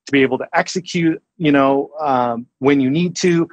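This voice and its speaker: Guy being interviewed, slow careful answers, lots of ums, dry close mic. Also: medium pitch, dry recording, rough recording. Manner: measured, thoughtful, hesitant with ums and restarts. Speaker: guest, senior colorist. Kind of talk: casual interview chat.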